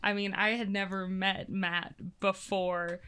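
Young woman guest, bright crisp voice, easygoing, laughs a lot. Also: medium pitch, a little slow. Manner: relaxed, laughs easily. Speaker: community theater actor, guest. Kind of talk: casual interview chat.

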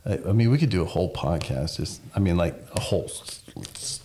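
A man's voice: low voice, lively intonation, fairly quick, warm tone, a little hiss or hum. A man co-hosting a podcast in casual chat, telling rambling stories that wander off on side tracks. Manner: rambling, digressive storyteller. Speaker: podcast co-host.

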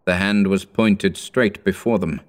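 Man, audiobook narrator, very deep voice, measured, steady reading.

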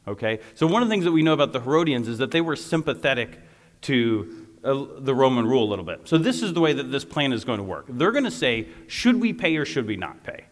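A man preaches in an animated, conversational way, tossing frequent asides to his listeners. His voice sits at a middle pitch and rings out with the long reverb of a church hall. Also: quick pace. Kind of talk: lively sermon.

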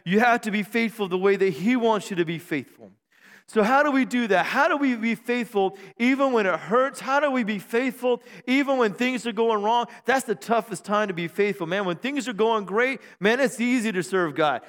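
A man's voice: sits high, moderate pace, a bit bright, long reverb tail. A man preaching a sermon to his church, using humor and call-and-response to keep the room engaged, and drawing out key phrases for emphasis. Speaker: pastor. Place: church sanctuary.

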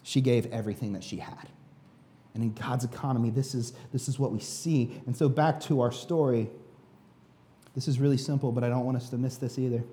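A man's voice: medium pitch, fairly even intonation, fairly quick, mellow. A man preaching a sermon with emphatic delivery, speaking directly to the congregation and leading them along. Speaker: pastor.

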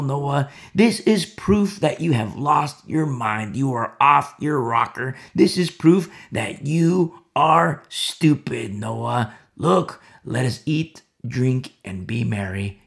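A preacher putting on the voice of a mocking crowd of scoffers who taunt and jeer in a sing-song way. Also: male voice, medium pitch, expressive, takes it slowly, vocal fry, few pauses, a bit bright, full character voice. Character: jeering crowd of partying male scoffers.

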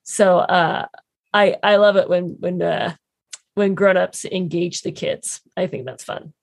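A woman's voice: fairly low pitch, fairly even intonation, a little slow, creaky, no room sound, studio quality. A woman guest on a podcast, chatting casually in an upbeat way. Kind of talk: casual chat.

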